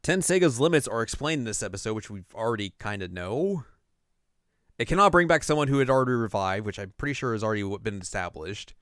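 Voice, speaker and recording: A man co-hosting a podcast, casually recapping an anime episode and dropping into quick mock voices for the characters. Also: on the low side, lively intonation, a bit bright, no echo, clean studio sound. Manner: retells scenes with quick mock voices for the characters, laughs often.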